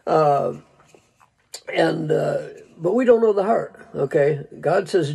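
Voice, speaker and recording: A man's voice: a little high, expressive, slow, a little mellow, poor audio. A man preaching a casual, folksy sermon, rambling and chuckling, calling people "dude". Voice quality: gravelly, husky.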